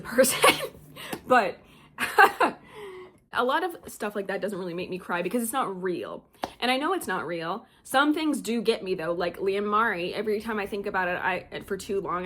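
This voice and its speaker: A woman's voice: medium pitch, a bit bright, slight background noise. A young adult woman chatting casually as a book vlogger, bubbly and gushing, rambling with lots of fillers. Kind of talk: casual chat.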